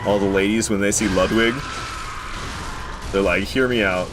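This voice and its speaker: A man's voice: lowish voice, steady tone, moderate pace, noisy background. A man giving casual, joking commentary while streaming a video game, chatting with viewers and running himself down when he fails. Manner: chatty, joking, self-deprecating. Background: game music.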